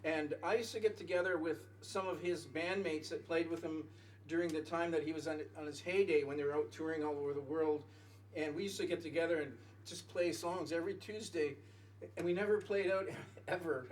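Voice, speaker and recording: A man's voice: on the high side, fairly even intonation, fairly quick, slight background noise. A man telling a long, rambling story on stage between songs, stopping himself and laughing at his own jokes. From Canada. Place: small music venue with audience. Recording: live music venue, mic from a distance.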